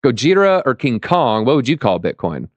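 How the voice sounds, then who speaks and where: A man hosting a live crypto talk show, upbeat and reading out chat shout-outs. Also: medium pitch, very animated, normal speed, dry recording, muffled recording. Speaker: show host.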